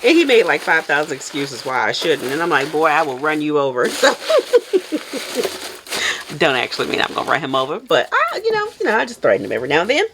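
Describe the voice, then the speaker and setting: Low-voiced woman telling a lively story. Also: fast talker, noisy background. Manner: animated storytelling, laughs often. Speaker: soap maker vlogger. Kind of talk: casual chat while packing orders.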